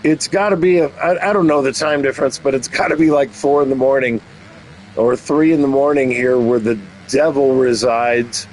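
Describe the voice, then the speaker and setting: A man's voice: medium pitch, fairly even intonation, normal speed, slight background noise, rough recording. A man giving playful play-by-play commentary on a race, mixing calls with teasing jokes. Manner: jokey, teasing asides between race calls. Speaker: race commentator and channel host.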